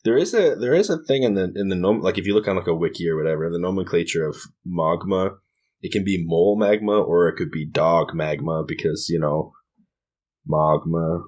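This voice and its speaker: Very deep-voiced laid-back man. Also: brisk, a little mellow. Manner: laid-back, chuckles often. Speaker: podcast co-host. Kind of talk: casual gaming podcast chat.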